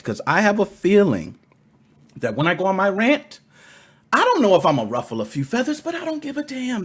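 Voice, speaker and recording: A man's voice: sits high, a bit bright. A man hosting a live-streamed gaming podcast, hyped and slangy, talking straight to his chat.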